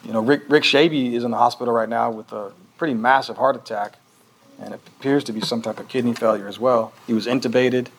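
A man's voice: mid-range voice, fairly even intonation, fast talker, poor audio. A man preaching a conversational sermon as pastor, earnest and questioning, often restarting his sentences.

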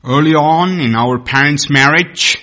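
Slow, deliberate male pastor preaching. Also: on the high side, bright, forceful tone. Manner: deliberate, repeats key phrases for emphasis. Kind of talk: sermon.

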